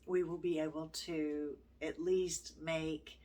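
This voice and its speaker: Older woman, homeschooling grandma vlogger; low, unhurried, gentle and halting delivery. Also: little pitch movement. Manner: gentle, heartfelt, halting with many pauses. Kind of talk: casual vlog talk.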